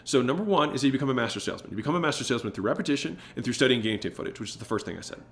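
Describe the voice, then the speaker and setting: A man in his thirties giving a motivational business talk on sales, shifting his tone and pauses to stress his points. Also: mid-range voice, expressive. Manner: emphatic, varies tone and pauses to make points. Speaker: business speaker.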